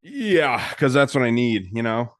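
A man's voice: mid-range voice, measured pace, no room sound. A man with a mid-range voice chats casually on a podcast. He jokes around and talks loosely as he shows off bottles. The sound is dry and close. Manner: relaxed, joking, reviewing beers on camera. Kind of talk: casual chat.

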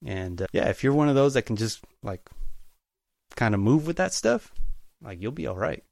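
A man speaking as a guest in a casual interview, telling work stories in a relaxed, easygoing way. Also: mid-range voice, moderate pace, gravelly, no echo, clean studio sound. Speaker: guest, utility locator.

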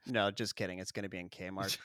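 A man's voice: low-pitched, fairly bright tone, no room sound. A man hosting a casual movie review podcast, joking and rambling and laughing often. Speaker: podcast host.

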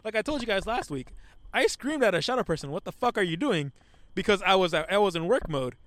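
A young man co-hosting a podcast outdoors at night, rambling excitedly with lots of swearing into a microphone. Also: high-pitched, fairly quick, no echo. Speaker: podcast co-host. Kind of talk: casual chat.

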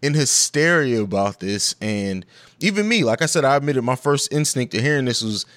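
A man's voice: medium pitch, lively intonation, brisk, fairly bright tone, no room sound. Blunt man hosting a podcast, dry sound. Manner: blunt, swearing, full of fillers. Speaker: podcast host. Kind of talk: casual podcast chat.

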